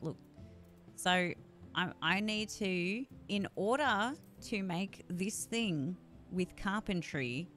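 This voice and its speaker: Woman streamer, mid-pitched, slightly sore voice, foul-mouthed casual chat, quiet music in the background. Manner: swears freely, grumbling frustration. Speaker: live streamer. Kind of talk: casual live-stream chat while gaming.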